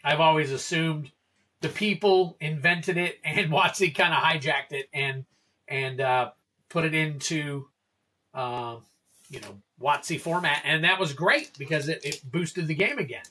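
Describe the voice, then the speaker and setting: Bright-voiced chatty man hosting a stream. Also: a little high, measured pace. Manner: chatty, reads card names and prices aloud to chat. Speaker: livestream card-opening host. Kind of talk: casual livestream chat.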